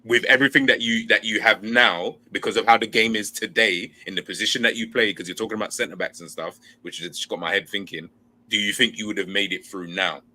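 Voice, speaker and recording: Young host, very deep voice with a sharp bright edge, hesitant, restarts a lot. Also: male voice, steady tone, brisk. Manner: hesitant, restarts often, thinks aloud. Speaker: podcast host. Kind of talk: casual chat.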